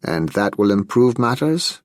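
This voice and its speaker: A man reading an audiobook voices a quiet, guarded older male railway official. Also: on the low side, big pitch swings, measured pace, no room sound, studio quality.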